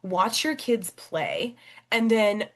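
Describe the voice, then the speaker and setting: A young adult woman, a podcast guest and coach, telling a personal story in an animated, expressive way. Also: medium pitch, takes it slowly. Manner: animated and expressive, acting out quoted voices.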